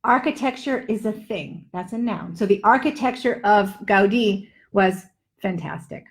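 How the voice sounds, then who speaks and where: Slow, playful woman coaching pronunciation. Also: medium pitch. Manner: playful, drawn-out word drills. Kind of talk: live online lesson.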